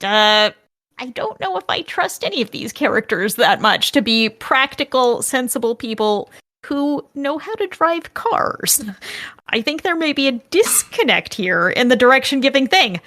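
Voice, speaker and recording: A woman's voice: high voice, big pitch swings, unhurried, sharp tone. A woman co-hosting a casual podcast, musing in a hesitant, thinking-aloud way. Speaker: podcast co-host.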